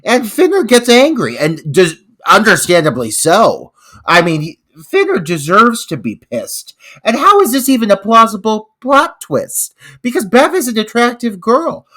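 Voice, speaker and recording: Animated, exasperated male podcast co-host. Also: high voice, moderate pace. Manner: exasperated, profane ranting for comic effect. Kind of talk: casual movie recap chat.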